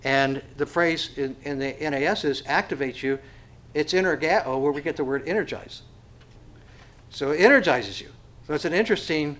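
A man's voice: a little high, moderate pace, a bit bright. A man preaching a sermon as pastor. He asks the congregation rhetorical questions and often stumbles over repeated words.

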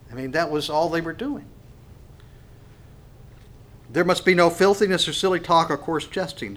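A man preaching a sermon, swinging from hushed to loud and asking the congregation rhetorical questions. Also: on the high side. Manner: acts out quoted voices. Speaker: pastor.

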